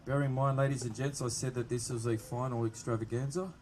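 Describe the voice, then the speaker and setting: Upbeat Australian police presenter. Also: male voice, medium pitch, fairly even intonation, a little fast, a little mellow, a little hiss or hum. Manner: jokey, upbeat, chatting with the kids in the crowd. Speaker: police presenter at a public open day. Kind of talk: public address to a live crowd. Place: outdoor public event. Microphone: microphone through loudspeakers.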